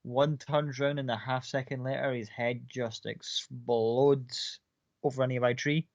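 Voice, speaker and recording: A man's voice: medium pitch, fairly even intonation, measured pace, vocal fry, no room sound, muffled recording. A man running a tabletop game as game master, narrating scenes casually and with some swearing.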